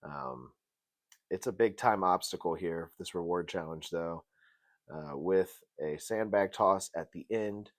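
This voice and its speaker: A man hosting a casual TV review show, animated and jokey, swinging between loud bursts and mutters. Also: low voice, measured pace, creaky. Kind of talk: casual commentary.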